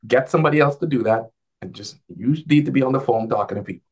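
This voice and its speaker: Animated man telling stories on a video call. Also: fast talker. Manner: animated, acts out quoted dialogue with a lifted pitch. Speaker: financial advisor guest. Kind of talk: casual conversational storytelling.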